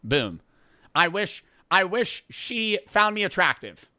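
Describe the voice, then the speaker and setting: Brief: young male host, high-ish bright voice, very animated, crude and mocking, dry close sound. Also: takes it slowly, no room sound. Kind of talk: casual crude movie recap.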